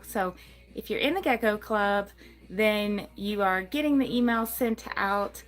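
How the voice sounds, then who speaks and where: A woman's voice: mid-range voice, a bit bright. A woman hosting a casual livestream about her gecko breeding business, chatty and rambling, cooing over her geckos. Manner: rambling with many ums and likes.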